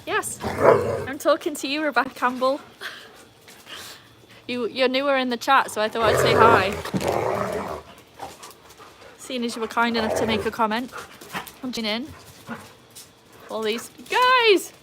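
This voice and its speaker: A woman's voice: on the high side, fairly even intonation, unhurried, pauses often, very noisy. A woman, chatting casually on a live stream, laughing often and greeting viewers by name. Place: outdoors by a pool with dogs. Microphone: handheld phone.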